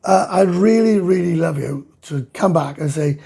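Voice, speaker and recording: Hosting a casual live chat, a middle-aged Welsh man reads viewer comments and replies with blunt, sweary rants, at normal speed with few pauses. His voice leans high and mellow, gravelly and very husky.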